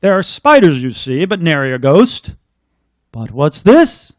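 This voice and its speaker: Guy putting on a scoffy nosy headmaster from a storybook, kinda high and loud. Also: sing-song, a little slow, dry recording. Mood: scoffing. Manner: scoffing, exclaiming. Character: nosy, blustering male school head.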